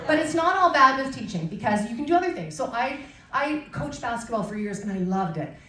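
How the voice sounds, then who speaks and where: Middle-aged lady doing stand-up, kinda high voice that jumps all over, sounds far off in an echoey club with a loud crowd laughing. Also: a little fast. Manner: animated storytelling with self-mocking punchlines. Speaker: stand-up comedian. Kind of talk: stand-up routine. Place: comedy club stage. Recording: distant mic in an echoey room with a loud crowd. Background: audience laughter and cheers.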